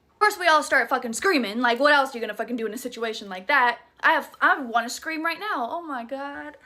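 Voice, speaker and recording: A woman's voice: high-pitched, expressive, fast, bright, forceful tone. A young woman with a Southern US accent tells a horror story in a casual, dramatic and profane way. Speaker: storytime creator.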